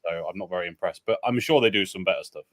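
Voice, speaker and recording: A man co-hosting a casual livestream, chatting wryly and relaxed over a beer. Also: low-pitched, fast talker. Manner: relaxed, wry, a bit hesitant. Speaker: livestream co-host.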